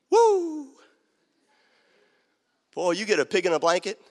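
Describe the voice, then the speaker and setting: A man preaching a sermon as pastor, swinging from quiet talk to shouted preaching. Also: sits high, huge pitch swings, takes it slowly, big-room sound. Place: church sanctuary.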